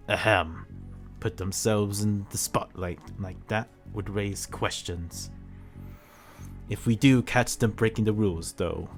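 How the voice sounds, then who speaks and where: A man voicing a composed, formal male school official in a measured tone. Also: fairly low pitch.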